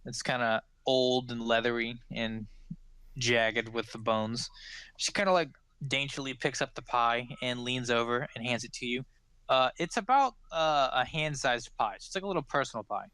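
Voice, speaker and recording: A man narrating as game master of a tabletop game, animated and rambling. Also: mid-range voice, normal speed, clear, resonant tone, dry recording.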